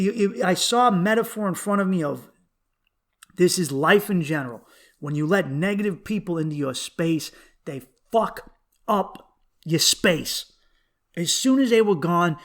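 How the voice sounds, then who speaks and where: A young man hosting a podcast, telling comedy road stories in a casual, profane, animated way. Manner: animated, profane, jumps to high excited pitch when riled. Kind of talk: casual solo podcast storytelling.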